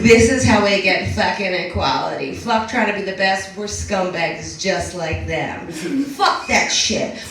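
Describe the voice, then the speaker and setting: A young adult woman doing a brash, profane, self-mocking stand-up set in a small club. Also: on the high side. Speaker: stand-up comedian. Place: small club with a live audience. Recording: distant mic in an echoey room with a laughing crowd.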